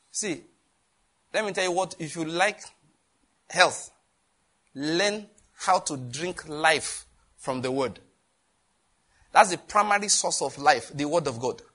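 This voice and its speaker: A man preaching a sermon, lively, with laughter and questions thrown to the congregation. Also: a little high. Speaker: pastor.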